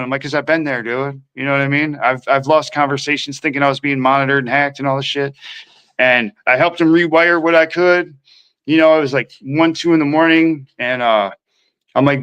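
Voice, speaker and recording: A man's voice: medium pitch, a little fast, a bit bright, smooth, rough recording. A man from Minnesota telling his recovery story as a podcast guest, rambling and slangy, acting out what people said. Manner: rambling, slangy, acts out quoted voices. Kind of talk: casual storytelling.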